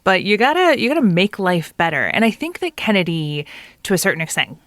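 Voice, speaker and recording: A woman's voice: mid-range voice, big pitch swings, fairly quick, fairly bright tone, dry recording. A woman historian co-hosting a podcast, discussing history in casual talk with wry asides. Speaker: co-host, historian.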